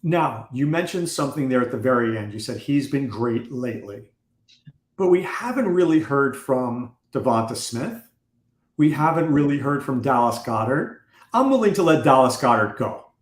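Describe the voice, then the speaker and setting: A man hosting a fantasy football talk, asking pointed questions in a quick, wry way. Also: medium pitch, animated. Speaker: fantasy football podcast host. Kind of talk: casual analytical chat. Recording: echoey room.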